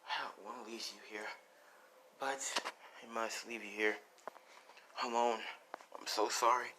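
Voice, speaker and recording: A man voicing a gentle, loving mother on her deathbed, speaking weakly in a hushed, partly whispered voice. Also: medium pitch, steady tone, measured pace, noisy background, close to an everyday voice. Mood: frail, tender.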